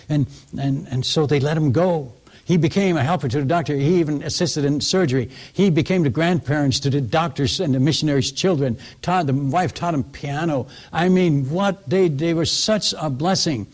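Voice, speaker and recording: A man preaching as a missionary, telling stories in an animated way, acting out the people he quotes and chuckling at his own tales. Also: on the high side, moderate pace. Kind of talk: storytelling sermon.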